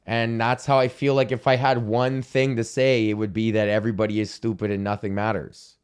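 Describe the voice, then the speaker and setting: A man's voice: on the low side, little pitch movement, a little fast, clean tone. A young man hosting a solo comedy podcast, ranting in a profane, rambling, self-deprecating way. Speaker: podcast host.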